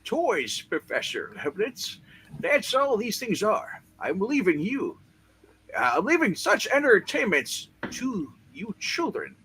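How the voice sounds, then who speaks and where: A man's voice: high-pitched, wildly swooping pitch, slow pace, pushed and bright, full character voice. A man voicing a brash young male scientist, boastful and crude, swearing as he tells his story, with faint noise behind.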